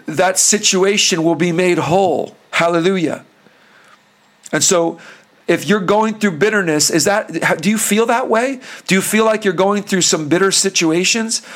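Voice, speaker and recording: High-voiced earnest male preacher. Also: a bit bright. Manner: earnest, preacherly, poses questions to listeners. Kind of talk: sermon.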